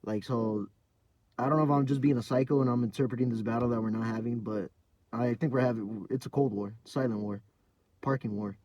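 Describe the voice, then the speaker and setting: A man's voice: medium pitch, fairly even intonation, a little fast, darkish tone, no room sound, highs cut off. Profane rambling young man podcaster. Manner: profane, rambling storytelling with frequent fillers. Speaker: podcast host. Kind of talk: casual rambling monologue.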